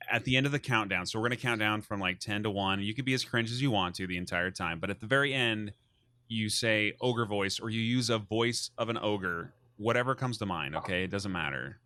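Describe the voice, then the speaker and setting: Casual, bright-voiced male stream host. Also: fairly low pitch, fairly quick, dry recording, clean studio sound. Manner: loose, rambling, many fillers. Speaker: host of a speedrun race stream. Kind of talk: casual chat, explaining rules.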